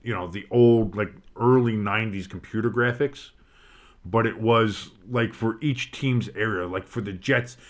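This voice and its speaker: A man giving casual play-by-play commentary on a game, rambling and swearing between plays and bursting out with excitement on big ones. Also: on the low side, a little slow. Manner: rambling, swears, breaks off into nostalgic tangents. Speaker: play-by-play streamer.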